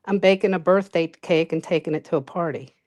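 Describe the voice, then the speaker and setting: A woman from western Pennsylvania with a western Pennsylvania accent, calling in to a casual chat, friendly and quick to laugh. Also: lowish voice, darkish tone. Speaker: caller.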